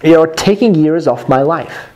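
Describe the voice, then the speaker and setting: A defensive man brushing off a tactless joke, read aloud by a male teacher. The lines come at a raised pitch in a textbook-reading style. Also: a little slow, darkish tone, close to an everyday voice.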